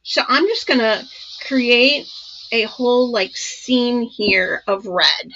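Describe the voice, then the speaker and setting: A woman hosting a casual live crafting demo, chatty and excited, with many ums and asides. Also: fairly high pitch, slow pace, lo-fi sound, slight background noise. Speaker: crafting channel host.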